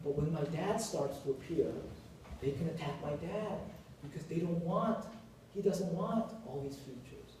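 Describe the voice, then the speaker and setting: A man in his forties, a university professor, lecturing with animated storytelling and jokey asides. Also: on the high side, normal speed, distant mic, slight background noise. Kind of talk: classroom lecture. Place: lecture hall. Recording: echoey hall, picked up from afar.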